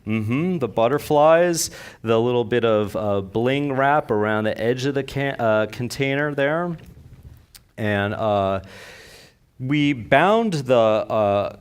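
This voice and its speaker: On a convention stage before an audience, a man gives a live floral design demonstration, chatty and enthusiastic, frequently asking the crowd questions. His medium-pitched voice is smooth and slow with lively intonation.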